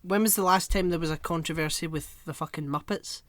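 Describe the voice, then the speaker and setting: A man's voice: fairly high pitch, fairly quick, a bit bright, no room sound. A man co-hosting a podcast in casual chat, rambling and swearing with frequent laughs. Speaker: podcast co-host.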